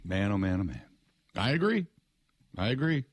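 A middle-aged man hosting sports talk radio, excitable and rambling, often putting on other people's voices. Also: on the low side, moderate pace, slightly rough, no room sound. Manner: excitable, mimics voices, frequent restarts.

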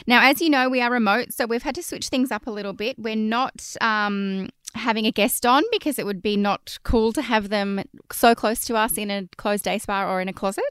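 A woman's voice: a little high, normal speed, few pauses, fairly bright tone, clean tone, no room sound, clean studio sound. A young Australian woman co-hosting a parenting podcast, talking in an outgoing, chatty way from a closet at home. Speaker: podcast co-host. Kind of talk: casual podcast chat. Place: closet at home, recording remotely.

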